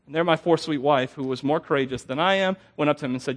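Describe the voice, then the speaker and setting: A young man preaching a sermon, telling stories in an animated, self-deprecating way with frequent laughs. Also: a little high, fast talker, few pauses. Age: young adult. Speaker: pastor.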